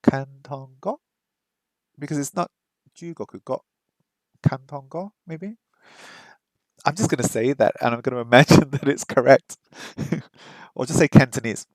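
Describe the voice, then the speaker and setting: A man thinking aloud in a casual vlog, wondering and unsure, slowly sounding out foreign phrases as he practices them. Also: mid-range voice, no room sound. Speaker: vlogger learning a language.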